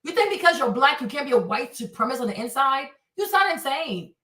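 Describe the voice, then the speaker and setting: A woman hosting a reaction stream, ranting loudly and mockingly with lots of swearing. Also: high voice, very animated, brisk, reverberant, distant mic. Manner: loud, profane, mocking rants. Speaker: streamer host.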